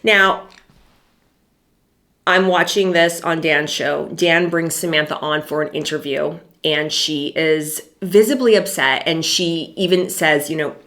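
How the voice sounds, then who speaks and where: A middle-aged woman with a low voice talks through a casual commentary vlog. She speaks conversationally, with dry sarcastic remarks and lots of "um" and "you know". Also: steady tone, measured pace, a bit bright. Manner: chatty, dry sarcastic asides, frequent fillers.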